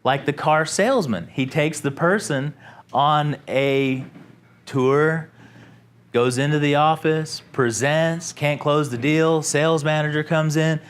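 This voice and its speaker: Animated man giving a sales training talk. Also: on the high side, slow pace, clear, resonant tone. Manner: animated, acts out customers in a raised voice; asks the room questions. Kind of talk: informal sales training presentation.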